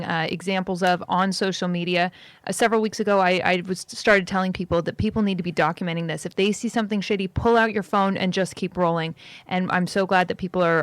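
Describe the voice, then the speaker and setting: A woman giving a quick, casual, chatty update as a guest on a talk radio show. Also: lowish voice, dry recording. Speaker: guest commentator.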